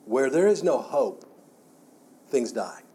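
Mellow-voiced man teaching Bible class. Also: medium pitch, sing-song, slow pace. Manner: conversational, repeats words and restarts often. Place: church classroom.

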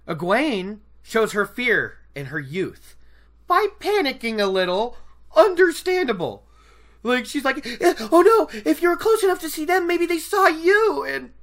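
Animated, bright-voiced chatty book commentator. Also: mid-range voice. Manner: chatty, digressive, laughs often. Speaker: book discussion host.

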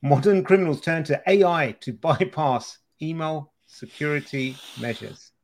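Guy with a highish gravelly voice, casual podcast chat, wry little jokes. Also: a little slow. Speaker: podcast co-host.

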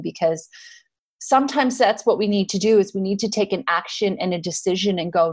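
A woman hosting a spiritual podcast. She backs up her guest with earnest, affirming encouragement in a voice of middle pitch. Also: fairly quick. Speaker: podcast host. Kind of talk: casual spiritual conversation.

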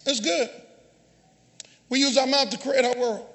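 Male pastor, very high bright voice, call-and-response sermon, long church reverb. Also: steady tone, unhurried. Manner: call-and-response preaching, often shouting. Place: church sanctuary.

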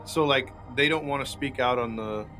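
A man co-hosting a podcast in casual chat, telling stories in an animated way. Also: mid-range voice, normal speed, faint music behind. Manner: animated storyteller, does silly character voices. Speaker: podcast co-host.

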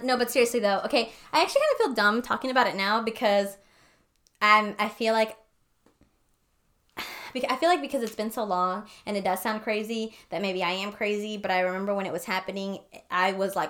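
A young woman tells a story on a podcast in a loose, casual ramble. She swears freely and talks at an ordinary pitch. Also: brisk, a bit bright. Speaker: podcast co-host. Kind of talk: casual chat.

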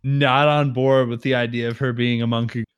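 A man co-hosting a casual chat, laughing often and retelling movie scenes with quick voices for the characters. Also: medium pitch, level tone, clean tone, no room sound. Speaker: podcast co-host.

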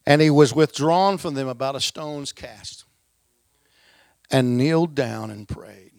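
A man preaching a lively sermon in a folksy, emphatic way, swinging between loud stresses and quiet asides. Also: medium pitch, measured pace, vocal fry, no room sound.

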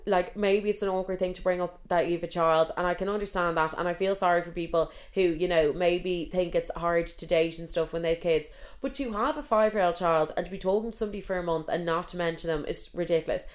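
A young Irish woman spinning a casual story with a slightly low-pitched voice. She talks in an animated, sweary way and keeps climbing into loud, indignant bursts. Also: quick pace. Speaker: podcast storyteller.

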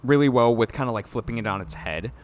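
A man co-hosting a casual podcast chat, easygoing and measured, often agreeing. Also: mid-range voice. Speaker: podcast co-host.

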